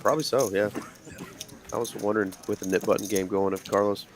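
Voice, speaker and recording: A man's voice: on the low side, steady tone, quick pace, slight background noise. A man co-hosting live poker commentary, chatty and agreeable. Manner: agreeable, chatty, upbeat sign-offs.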